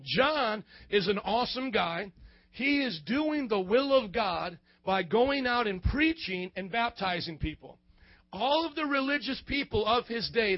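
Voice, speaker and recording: A man's voice: extremely high pitch, lively intonation, a little slow, dry recording, muffled recording. A man preaching a sermon, leading call-and-response with his congregation and using casual slang.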